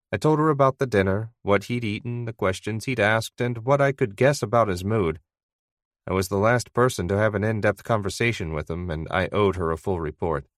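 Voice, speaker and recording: A man narrating a first-person novel audiobook in a steady, even storytelling manner. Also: lowish voice, brisk, no echo, clean studio sound.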